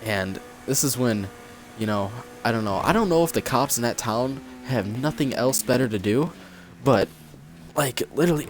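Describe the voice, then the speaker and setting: A young man casually telling a personal story on his channel, acting out what people said with lively energy. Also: medium pitch, normal speed, slight background noise. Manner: animated storytelling, acts out quotes. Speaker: vlogger. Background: cat in the room.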